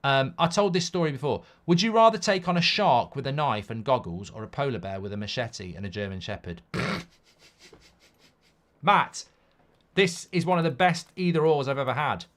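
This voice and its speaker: During a live football watchalong, a man with a mid-range voice chats casually at a moderate pace and reads viewer comments out. His rambling is animated, full of free swearing and riffs on goofy what-ifs.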